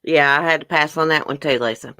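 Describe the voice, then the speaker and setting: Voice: mid-range voice, a little fast, bright, forceful tone, clean tone, dry recording. Chatty livestream host with a dry close sound. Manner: chatty, reads questions aloud and answers viewers in chat; talks while chewing a brownie. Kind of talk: casual livestream trivia chat.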